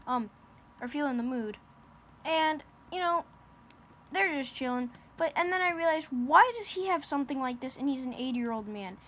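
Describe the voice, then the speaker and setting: High-voiced woman rambling through a silly story. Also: lively intonation, moderate pace, fairly bright tone. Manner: rambling, lots of fillers and restarts. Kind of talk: improvised comic storytelling.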